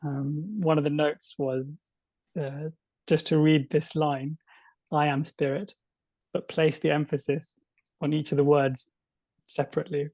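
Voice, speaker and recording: A man co-hosting a book discussion podcast, speaking in a measured, reflective way with some fillers. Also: on the high side, flat delivery, a little mellow, no room sound. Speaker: podcast co-host.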